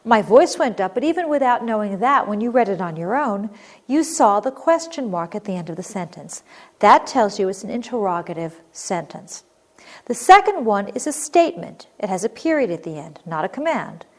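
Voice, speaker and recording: Lively, expressive woman teaching grammar. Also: mid-range voice, moderate pace. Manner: clear, expressive reading of example sentences. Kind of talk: recorded grammar lesson.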